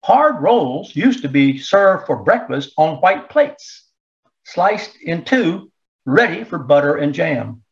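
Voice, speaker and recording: A man narrating a story in a steady, measured storytelling voice. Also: on the high side, vocal fry. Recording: dull lo-fi recording.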